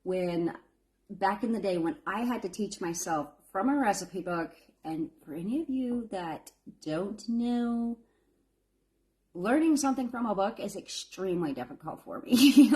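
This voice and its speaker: A woman's voice: mid-range voice, darkish tone. Chatty nervous woman baker on a live stream. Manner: chatty and encouraging, calls viewers honey. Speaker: home baker hosting a live fundraiser bake. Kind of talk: casual live-stream chat.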